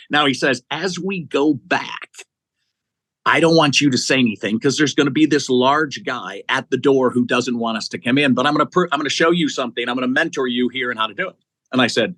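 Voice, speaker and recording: A man's voice: medium pitch, a little fast, no echo. A middle-aged man, an executive search CEO, telling stories as a guest in an interview, acting out the people he quotes. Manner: animated storyteller, acting out quotes. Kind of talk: storytelling in an interview.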